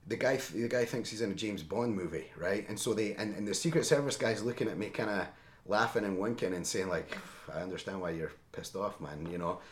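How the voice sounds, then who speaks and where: Middle-aged ex-Marine guest, very low voice, animated storyteller, roomy echo. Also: male voice, fairly quick. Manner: animated, seeks agreement with frequent "right?". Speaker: podcast guest, former Marine. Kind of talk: conversational war storytelling.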